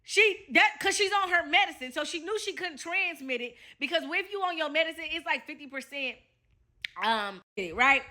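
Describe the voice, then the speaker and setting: A woman's voice: very high-pitched, normal speed. A woman with a Southern US accent casually telling a story, acting out the people in it and swearing a lot. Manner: animated retelling with quoted voices, heavy profanity.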